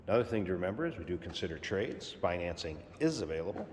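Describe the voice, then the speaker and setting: Low-voiced man pitching a classic car. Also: quick pace, in a large hall, a little hiss or hum. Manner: relaxed, plainspoken, repeats key points. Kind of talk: casual walkaround sales pitch.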